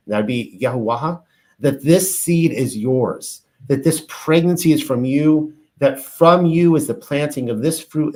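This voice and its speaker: Man reading scripture, explaining casually. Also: medium pitch. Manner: reads passages aloud then explains with asides and fillers. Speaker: bible teacher. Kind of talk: reading and commenting on ancient texts.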